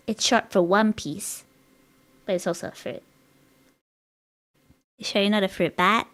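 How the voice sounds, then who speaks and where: A woman's voice: mid-range voice, fairly even intonation, a little slow, pauses often, fairly bright tone. A woman streaming live, rambling in casual chat with her viewers and giggling often, her voice a bit strained. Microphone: dynamic studio mic.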